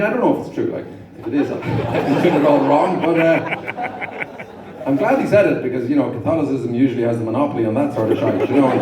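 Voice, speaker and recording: A man's voice: mid-range voice, noisy background. A middle-aged Irish man doing a rambling stand-up routine, stammering into repeats as the audience laughs. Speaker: stand-up comedian. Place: large comedy venue with an audience. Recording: echoey live hall recording from far off.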